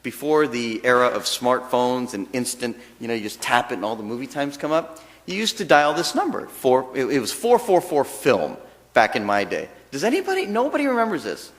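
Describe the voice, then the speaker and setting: A man's voice: medium pitch, big pitch swings, a little fast. A man giving a chatty, joking dharma talk as a temple minister. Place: temple hall. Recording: long reverb of a temple hall.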